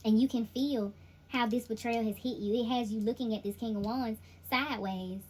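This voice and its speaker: A woman's voice: on the high side, fairly even intonation, normal speed, darkish tone, husky, rough recording. A woman giving a casual tarot reading, speaking directly to the listener in an emphatic, repetitive, slangy way. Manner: informal slangy delivery. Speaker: intuitive tarot reader.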